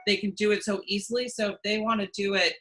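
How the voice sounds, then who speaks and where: A woman's voice: medium pitch, flat delivery, fast talker, fairly bright tone, soft background music, poor audio. A woman working as a casting director, answering interview questions in a chatty way with many restarts and fillers. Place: at home.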